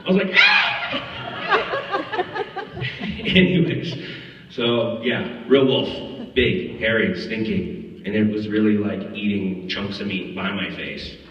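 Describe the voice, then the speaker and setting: A man telling lively anecdotes at a film Q&A, acting out voices and laughing often. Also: on the low side, unhurried, slight background noise. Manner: animated storyteller, acts out quotes, laughs often. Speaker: actor answering audience questions. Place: festival screening hall. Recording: echoey hall from far off, dull audio.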